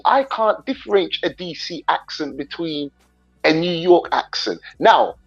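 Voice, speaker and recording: A man's voice: on the high side, lively intonation, normal speed, muffled recording, soft background music. London man chatting on a livestream. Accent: London English mixed with Jamaican patois. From England. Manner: rambling, talks straight to viewers. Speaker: livestream host. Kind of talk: casual livestream chat.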